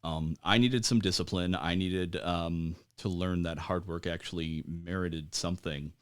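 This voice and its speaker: A man in his forties, an American military veteran, telling his story as a podcast guest in a halting way, with lots of fillers and wry laughs. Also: sits low, fairly even intonation, clean tone. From United States. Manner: halting, many fillers, laughs at grim moments. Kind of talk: conversational interview storytelling.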